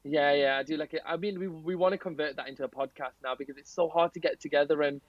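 A man's voice: fairly high pitch, fairly even intonation, fast, muffled recording, a crowd in the background. A man from England, a guest on a podcast, chatting eagerly and laughing easily. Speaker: guest, reality show finalist. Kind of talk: casual chat.

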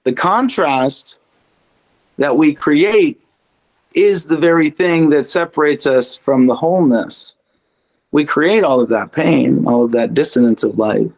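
A man's voice: on the high side, a little slow, darkish tone. A man as a podcast guest, chatting casually and animatedly about spirituality, swearing freely and mocking his own inner voice.

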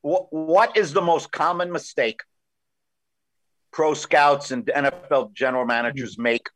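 A man's voice: a little high, unhurried, fairly bright tone, poor audio. A man co-hosting a podcast, asking questions emphatically and often repeating the guest's name. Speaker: podcast co-host. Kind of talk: conversational interview.

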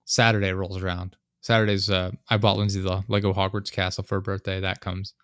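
A man with a lowish voice tells a story in casual conversation, swearing freely as he vents. The sound is dry and close, with no room around it. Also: flat delivery, fairly quick, a bit bright, dry recording. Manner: profane, ranting storyteller. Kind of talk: casual chat.

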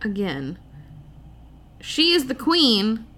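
A woman co-hosting a podcast, cutting in with quick, opinionated remarks in casual chat. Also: a little high, big pitch swings, bright, forceful tone. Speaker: podcast co-host.

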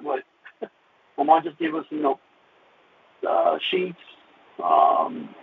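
A man telling his personal faith testimony, emotional and halting, with many "you know" fillers, over a phone-like radio line. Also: a little high, wildly swooping pitch, creaky, a little hiss or hum. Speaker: guest sharing his testimony.

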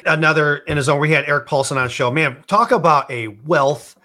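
A man's voice: fairly high pitch, brisk, sharp tone. A man hosting an interview, talking casually and enthusiastically with lots of fillers. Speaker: podcast host.

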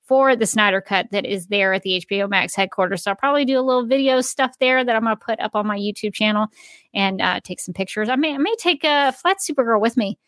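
Giggly high-voiced woman podcast host. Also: quick pace, fairly bright tone, no echo, studio quality. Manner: chatty, giggly, many fillers. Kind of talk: casual podcast chat.

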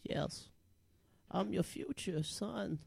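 A man playing a gravelly future son. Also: high-pitched, slow, darkish tone, exaggerated voice. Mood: reproachful. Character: disappointed grown son from the future.

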